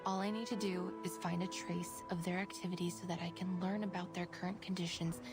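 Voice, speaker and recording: A woman voicing an earnest young woman researcher in a video game. She speaks in a measured, self-reassuring way. Game voice acting. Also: on the low side, level tone, close to an everyday voice. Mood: focused. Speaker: game character. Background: game music.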